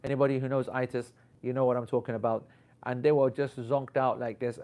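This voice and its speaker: Animated, rambling male storyteller. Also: medium pitch, brisk. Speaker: Islamic teacher. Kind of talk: casual anecdote.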